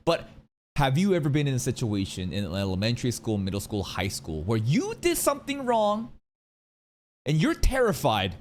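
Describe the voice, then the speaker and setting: A man hosting an anime reaction, talking casually in an animated, slangy and profane way, often saying "bro". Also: mid-range voice, normal speed.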